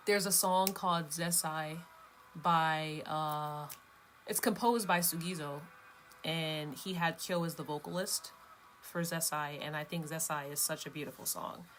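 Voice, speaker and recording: Low-voiced woman chatting casually. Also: steady tone, unhurried, fairly bright tone, a little hiss or hum. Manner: rambling, chatty, laughs between thoughts. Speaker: vlogger host. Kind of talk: casual chat.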